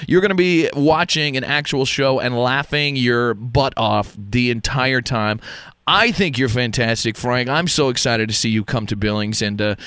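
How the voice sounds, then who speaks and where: A radio morning show host interviewing a guest in an upbeat way, gushing with praise and plugging event details. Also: male voice, mid-range voice, fairly bright tone, clear, resonant tone, no room sound. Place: radio studio. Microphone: close studio microphone.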